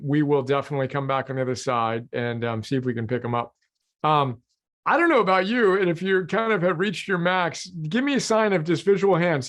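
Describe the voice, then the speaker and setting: Man, host, effusive, fairly high voice. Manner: effusive, warm sign-offs. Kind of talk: live online chat with a group.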